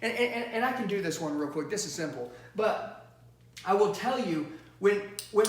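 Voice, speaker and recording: A high-voiced man coaches salespeople with loud, emphatic energy, pushing his points hard. His voice rings in a roomy, echoing space. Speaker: sales trainer. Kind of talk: motivational sales training talk. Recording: roomy echo.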